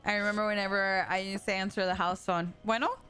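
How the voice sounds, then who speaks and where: A young woman chats casually with her viewers while she plays, laughing easily and moving back and forth between English and Spanish. Her voice sits at a middling pitch for a woman. Music plays clearly underneath her the whole time. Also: little pitch movement, fast talker, pushed and bright. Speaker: game streamer. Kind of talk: casual live-stream chat while gaming. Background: background music.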